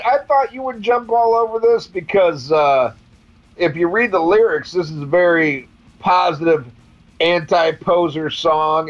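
A man with a slightly high voice chats casually as a co-host. He calmly argues for what he likes. His audio sounds dull and muffled. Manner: laid-back, pushes back with a defending argument. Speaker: podcast co-host. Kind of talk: casual chat.

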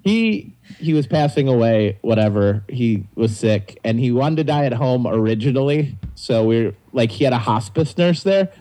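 A man's voice: mid-range voice, moderate pace, few pauses, poor audio. A young adult man, a comedian guest, telling stories in casual chat and laughing through them. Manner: animated storyteller, laughs through his own stories.

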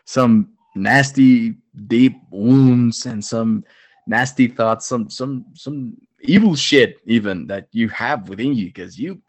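A young man and new father chatting casually, profane and animated, telling stories with laughter. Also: medium pitch, takes it slowly, dry recording. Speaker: podcast co-host, father of a baby daughter. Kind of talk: casual chat.

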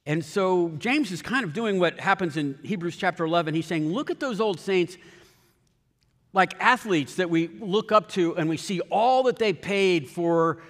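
A man's voice: high voice, normal speed. Earnest preaching man, echoing hall. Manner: earnest, animated storytelling with quoted voices. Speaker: pastor. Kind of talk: sermon. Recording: long hall reverb.

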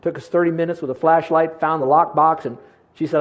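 An older man preaching a sermon as a pastor, telling stories with lively swings between loud and hushed delivery and stumbling over repeated words when excited. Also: on the high side, fairly quick, poor audio.

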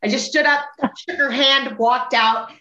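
A woman's voice: high-pitched, steady tone, moderate pace, sharp tone. A middle-aged woman talking candidly in a casual group chat, blunt and swearing freely. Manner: blunt, swears freely, acts out quoted people. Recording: roomy, dull lo-fi sound.

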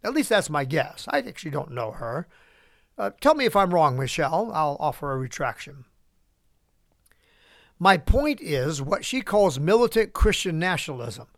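A man's voice: on the high side, big pitch swings, normal speed, dry recording. Man with a dry close sound, giving commentary. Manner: reads prepared remarks with asides and chuckles. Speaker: podcast host. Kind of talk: opinion commentary monologue.

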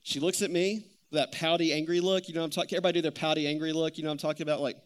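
A man in his thirties preaching a sermon, telling stories in an animated, conversational way. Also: a little high, very fast. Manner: animated storytelling, conversational with many "like"s. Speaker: pastor.

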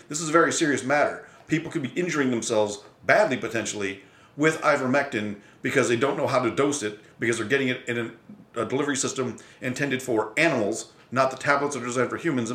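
Male podcast host, mid-pitched, blunt and exasperated, swears freely, roomy echo. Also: fairly bright tone. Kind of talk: opinionated solo commentary.

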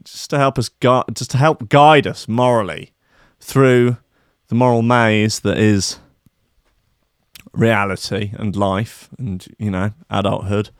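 A man's voice: lowish voice, steady tone, slow pace, smooth, dry recording, studio quality. A man hosting a show, chatting in a rambling, profane, joking way. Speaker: show host. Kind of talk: casual chat.

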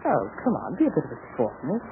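A young adventurer putting on a jaunty British accent to pass as someone else, teasing and lively in pitch. It is a 1940s radio serial. The sound is tinny and narrow, like an old broadcast, with a faint hiss. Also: male voice, quick pace, gravelly, heavily acted. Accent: put-on British.

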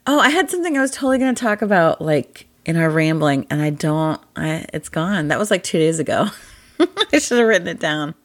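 A woman co-hosting a podcast in casual chat, with a husky morning voice, chatty and laughing often. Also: sits low, animated, brisk. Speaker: podcast co-host.

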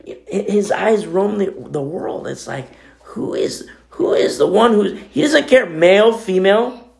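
Middle-aged male pastor, gravelly, talky sermon delivery with loud-soft swings. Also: high voice, expressive, unhurried. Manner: conversational preaching, sudden swings between loud and quiet.

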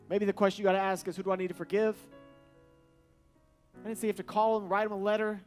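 High-pitched guy preaching, repeats lines and gets loud, soft guitar behind him. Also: steady tone, quick pace. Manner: repetitive, rising to loud emphatic refrains. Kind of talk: sermon. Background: soft guitar music.

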